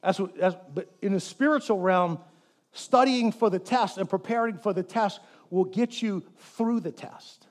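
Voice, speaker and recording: A man preaching a sermon in church, animated and joking, who gets the congregation to repeat words after him. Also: high-pitched, normal speed. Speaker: pastor.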